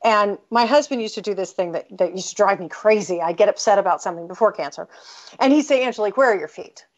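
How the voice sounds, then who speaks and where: A woman's voice: mid-range voice, fast. A middle-aged American woman telling a personal story in an interview, candid and emphatic, often breaking off and restarting her sentences. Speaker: author and guest. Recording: dull lo-fi audio.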